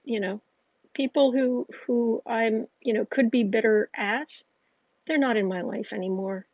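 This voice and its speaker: A woman's voice: a little high, measured pace, a little mellow, dry recording, muffled recording. A woman hosting a casual tarot livestream, rambling and chatty with frequent restarts. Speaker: astrology and tarot livestream host.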